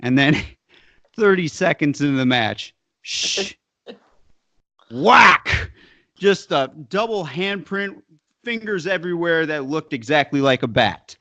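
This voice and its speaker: A man hosting a casual podcast, telling stories in an animated way. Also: fairly high pitch, slow, no room sound. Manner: animated storyteller. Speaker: podcast host. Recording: dry, dull podcast mic.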